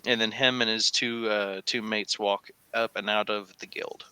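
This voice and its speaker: A man's voice: on the low side, normal speed, smooth, dry recording. A man running a tabletop game as game master, narrating scenes with lots of fillers. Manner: animated storytelling with frequent fillers.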